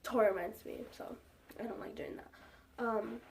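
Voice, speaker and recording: A woman's voice: a little high, takes it slowly, gravelly, a little mellow, recorded from a distance. A young woman vlogger telling a casual storytime, rambling along with lots of "like" and fillers. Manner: rambling, heavy use of "like" and fillers.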